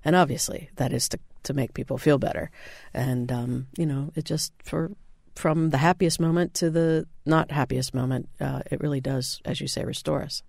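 A man's voice: on the high side, fairly even intonation, normal speed, gravelly, few pauses, a little mellow, no echo, studio quality. A man who is a chef guest, chatting casually and enthusiastically about food.

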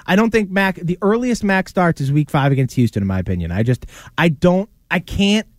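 A man co-hosting a casual sports podcast, animated and argumentative, often laughing as he debates. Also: sits high, fairly quick, no echo, clean studio sound. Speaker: podcast co-host.

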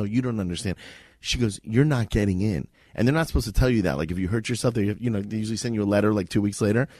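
A man telling a lively personal story as a radio show guest, acting out the people he quotes. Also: lowish voice, no room sound. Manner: fast animated anecdote, acts out quoted voices. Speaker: guest filmmaker.

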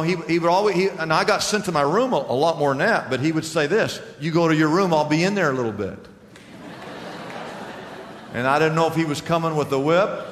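A middle-aged male pastor preaching a sermon to his congregation, telling stories with humor and repeating lines for emphasis. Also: on the high side. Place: church sanctuary before a congregation. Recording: hall reverb with faint room noise.

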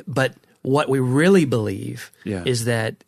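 A man's voice: medium pitch, measured pace, creaky, a little mellow, dry recording, studio quality. A middle-aged man in a casual conversation about faith, earnest and reflective, often restarting his sentences.

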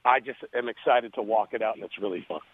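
A man, a radio interview guest, telling a story in an earnest, animated way over a phone line. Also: on the low side, fast, slightly rough, no echo.

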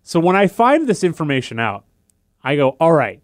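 A man's voice: on the high side, very animated, normal speed, no echo, clean studio sound. A young man co-hosting a casual talk show, telling a long story and acting out the voices of the people in it. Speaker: podcast co-host.

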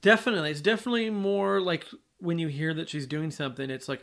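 A man's voice: a little high, fairly quick, few pauses, fairly bright tone. A man co-hosting a casual film podcast, easygoing, laughing often and leaning on "like". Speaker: podcast co-host.

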